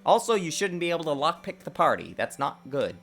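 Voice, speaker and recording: A man streaming his game development work, talking to himself in a lively, self-mocking way. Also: a little high, a little fast, soft background music. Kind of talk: casual livestream dev commentary.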